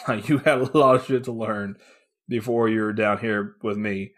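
Animated, laughing man reviewing comics. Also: mid-range voice, moderate pace. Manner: animated, swears, laughs often, acts out characters' lines. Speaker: podcast co-host. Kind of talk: casual comic book review chat.

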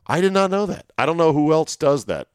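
A man hosting a talk show, telling stories in a chatty, wry way, his voice going hoarse. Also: on the high side, big pitch swings, a little fast, dry recording, studio quality. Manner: chatty, storytelling, wry asides. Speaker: sports radio host. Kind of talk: solo monologue, casual chat.

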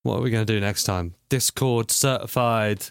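A man's voice: lowish voice, normal speed, gravelly, smooth, no echo, clean studio sound. A man co-hosting a podcast, joking and swearing freely in casual banter. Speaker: podcast co-host.

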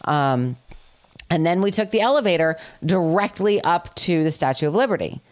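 A woman's voice: fairly low pitch, normal speed. A woman co-hosting a podcast, telling a story in casual chat and acting out phone calls with lots of swearing. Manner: animated, profane, acts out phone calls. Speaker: podcast co-host.

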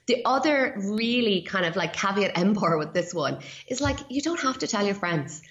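An earnest woman, a podcast guest and coach, talks in a chatty, animated way, with casual fillers. Her voice sits at a middle pitch. The recording is roomy and dull. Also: moderate pace. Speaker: guest, feng shui and yoga coach.

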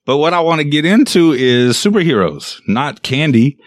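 A man hosting a relaxed group conversation, laughing often and steering the talk back to his topic. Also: fairly high pitch, normal speed, no room sound, clean studio sound. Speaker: podcast host. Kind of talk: casual group chat.

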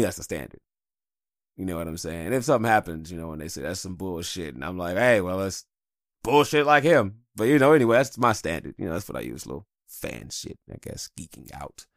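A podcast host with a low-pitched voice full of vocal fry, recorded in clean studio sound with no echo, delivers a candid, rambling monologue packed with swearing.

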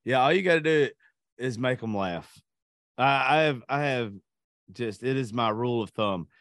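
A man's voice: mid-range voice, normal speed, no room sound, studio quality. A man, a podcast co-host in crude casual chat, telling boastful stories and acting out quotes. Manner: profane, boastful storytelling with animated quoting.

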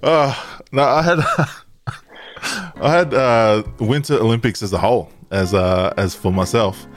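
A man's voice: medium pitch, expressive, slow pace. A man hosting a casual podcast, laughing often and trading crude jokes. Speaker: podcast host.

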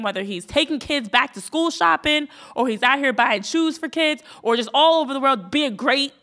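A woman's voice: sits high, bright, forceful tone. A woman co-hosting a podcast, arguing her point with passion. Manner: passionate, rapid argument. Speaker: podcast co-host. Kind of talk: casual podcast talk.

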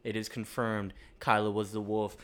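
A man's voice: on the low side, flat delivery, normal speed, fairly bright tone. A man co-hosting a casual podcast, recapping a TV episode and mocking his partner's theories. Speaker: podcast co-host.

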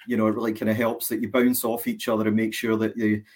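A man's voice: on the low side, monotone, fast, darkish tone. A man from Scotland, a mild-mannered guest talking hesitantly in a casual interview. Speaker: guest fan.

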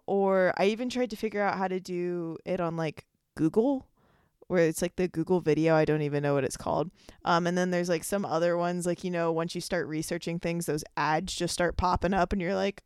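A woman's voice: on the low side, fairly quick, smooth, no room sound, studio quality. A young woman hosting her own podcast, talking casually and rambling, with lots of "like" fillers. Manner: chatty, rambling, many fillers like "like". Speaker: podcast host. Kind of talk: casual solo podcast monologue.

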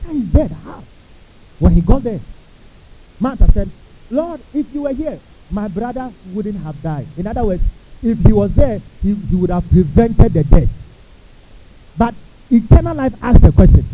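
A pastor with a high-pitched voice preaches unhurriedly and pauses often, animatedly acting out quotes and putting questions to the congregation. The recording sounds tinny and phone-like, with a faint hiss.

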